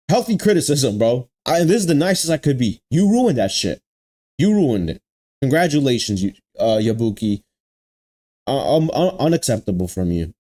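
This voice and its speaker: A young man vents in a casual reaction rant, his voice leaping up and down in animated swings. His tone is dark and mellow. He keeps repeating himself and talks directly to his viewers. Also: mid-range voice. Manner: exasperated ranting with heavy repetition and slang. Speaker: anime reaction channel host.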